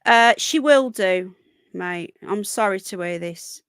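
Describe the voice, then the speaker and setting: With a smooth, fairly bright mid-range voice and a slow pace, a British woman hosts a live stream, chatting and rambling over viewers' comments and naming the people in chat. The studio-quality recording has no room sound.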